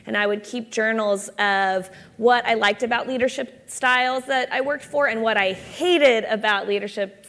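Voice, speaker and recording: A company founder on a conference panel, answering reflectively with frequent pauses and filler ums. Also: female voice, mid-range voice, a bit bright. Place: conference stage.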